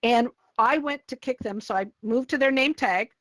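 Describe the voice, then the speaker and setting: A woman hosting a casual panel chat, telling lively stories and acting out what people said. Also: on the high side, moderate pace, no room sound, rough recording. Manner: animated storyteller, acts out quotes. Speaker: host and VR community moderator.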